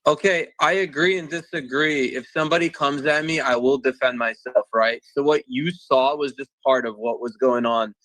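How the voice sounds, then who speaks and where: A man in a casual group argument defends himself firmly. His voice is mid-pitched and the recording is dry and close. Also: normal speed, hardly any pauses, a bit bright, dry recording, low-quality recording. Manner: defensive, firm.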